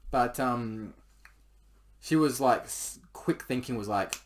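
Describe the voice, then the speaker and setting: A man spins a crude personal anecdote in loose, casual talk. He swears constantly and leans on "like" as he rambles along. His voice sits at an ordinary, middle pitch. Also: takes it slowly, a little hiss or hum. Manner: rambling, swears a lot, heavy use of "like". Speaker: podcast storyteller.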